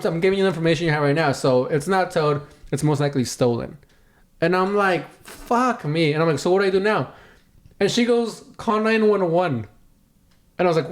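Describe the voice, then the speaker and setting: Podcast co-host, male, fairly high voice, animated storyteller who swears freely. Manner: animated, acts out quotes with big pitch jumps, swears a lot. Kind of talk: casual storytelling chat.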